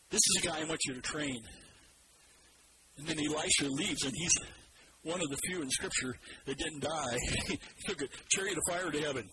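A man preaching a sermon, animated and drawing the congregation in to repeat verses after him. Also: on the high side. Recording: loud background noise.

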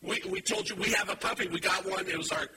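A preacher man with a fairly high voice delivers a sermon from a church stage. He talks in a relaxed, storytelling way, then climbs into loud, emphatic urging. The recording carries clear background noise. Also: fast. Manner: animated, builds to emphatic exhortation. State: has a headache.

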